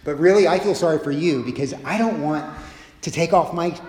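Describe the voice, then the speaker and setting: Expressive preacher in an echoey hall. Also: male voice, fairly high pitch, brisk, a little hiss or hum. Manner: expressive, shifts pace and loudness, acts out quotes with humor. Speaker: pastor. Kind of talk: sermon.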